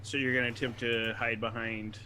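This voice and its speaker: A man's voice: mid-range voice, level tone, fairly quick, sharp tone, slight background noise. A man narrating a tabletop game as game master, describing scenes and guiding the players through their rolls.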